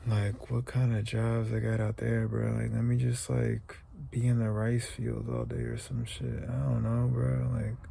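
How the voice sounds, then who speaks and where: A man's voice: mid-range voice, flat delivery, a little slow, vocal fry, hardly any pauses, warm tone, a little hiss or hum. A young man from the United States talking through a rambling, emotional confessional vlog, close to tears and sometimes dropping to a whisper. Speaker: vlogger.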